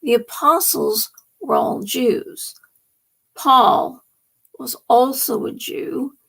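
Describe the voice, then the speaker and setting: Slow, gravelly woman ranting on a live stream. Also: high-pitched, fairly bright tone. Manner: rambling, emphatic, drops to whispers. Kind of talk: late-night political and religious monologue.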